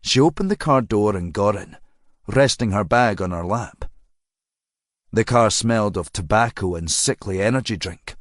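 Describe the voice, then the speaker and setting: A man narrating an audiobook crime novel in a measured, even storytelling manner. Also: lowish voice, dry recording, studio quality. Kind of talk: scripted narration.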